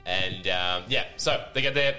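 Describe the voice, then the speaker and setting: A man, recapping a film on a podcast in casual chat, lively and swearing often as he mumbles impressions of the characters. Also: deep voice, a little slow, soft background music.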